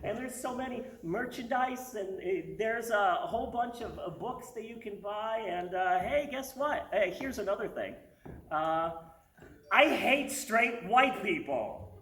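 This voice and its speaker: A woman's voice: mid-range voice, lively intonation, measured pace, fairly bright tone, far from the mic. A woman doing an impression of an older male children's author who rambles on, plugging his own products. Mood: self-promoting. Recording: echoey venue with background noise.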